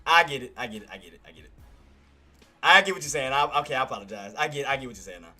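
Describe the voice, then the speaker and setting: A male streamer giving live trading commentary, excitable, repetitive and quick to apologize. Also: mid-range voice, soft background music.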